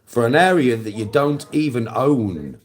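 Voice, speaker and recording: Speaking at a medium pitch, this middle-aged man with an English accent sounds expressive and unhurried. As a live-stream host, he swears his way through a blunt, crude monologue aimed right at the viewer, lecturing them and responding to chat.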